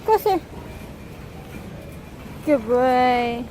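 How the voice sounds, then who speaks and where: High-voiced young woman vlogging. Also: unhurried, long pauses, warm tone, slight background noise. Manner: talks to her dog in short, high, praising commands. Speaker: vlogger and service dog handler. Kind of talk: casual vlog chat.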